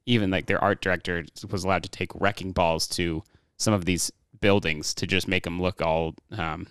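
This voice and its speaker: A deep-voiced man talks at normal speed with fairly even intonation and a slightly bright, clear, resonant tone, recorded dry with clean studio sound. As a podcast co-host, he casually discusses a war film with friends, rambling with many fillers and restarts.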